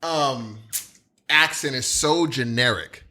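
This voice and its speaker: A Californian man in casual podcast chat, jokey and animated. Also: medium pitch, takes it slowly. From California, USA.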